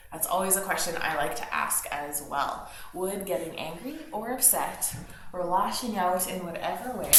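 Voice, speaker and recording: Brief: gentle, encouraging woman guiding a yoga class, very roomy echo, faint background noise. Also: on the low side, moderate pace. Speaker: yoga instructor. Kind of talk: guided yoga class instruction. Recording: very echoey room with faint noise.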